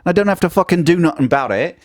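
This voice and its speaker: A man's voice: on the high side, expressive, very fast, dry recording, clean studio sound. A young man hosting a solo podcast, rambling and swearing constantly, mocking himself as he jumps between topics. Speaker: podcast host.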